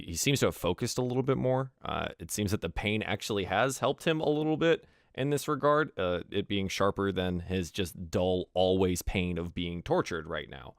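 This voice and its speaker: A man running a tabletop game, narrating scenes in loose, rambling speech. His voice is low with a gravelly edge. The sound is close and dry. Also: no echo. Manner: loose narration with frequent fillers and restarts. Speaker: game master.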